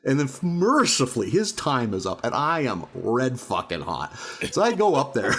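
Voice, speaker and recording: A man co-hosting a podcast, a stand-up comic telling a profane, animated story in casual chat, often laughing. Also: medium pitch, moderate pace, breathy edge.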